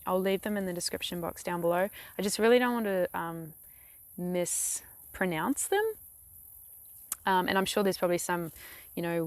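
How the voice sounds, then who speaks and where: Gravelly-voiced New Zealand woman, chatty and rambling. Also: fairly low pitch, no echo. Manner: rambling, chatty, many fillers. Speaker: craft vlogger. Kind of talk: casual how-to vlog. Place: outdoors beside a lake.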